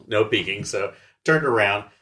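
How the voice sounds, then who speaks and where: A man playing in a tabletop game, chatty and quick to laugh. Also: on the low side, sharp tone. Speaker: player. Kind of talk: casual tabletop play.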